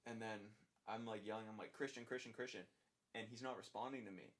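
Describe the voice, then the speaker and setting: Young adult male guest, casual storytelling, animated and profane, acts out dialogue. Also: on the low side, fast talker. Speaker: podcast guest.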